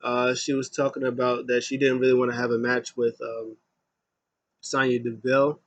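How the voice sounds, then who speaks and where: A man's voice: medium pitch, flat delivery, lo-fi sound. A young man casually recapping a wrestling show, rambling with lots of fillers. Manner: rambling, many fillers, paraphrases with quick voices.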